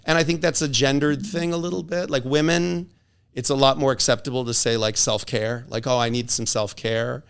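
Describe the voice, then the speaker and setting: Middle-aged male guest who tells stories animatedly and acts out quotes, with a mid-pitched, fry-tinged voice. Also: a little fast, a bit bright. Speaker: divorce attorney, podcast guest. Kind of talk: casual conversation.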